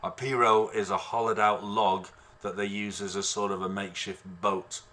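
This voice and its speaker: A man with a lowish voice teaches harmonica in an online lesson, talking at normal speed into a computer microphone. His explanations are relaxed and rambling, full of fillers, with harmonica playing in the background.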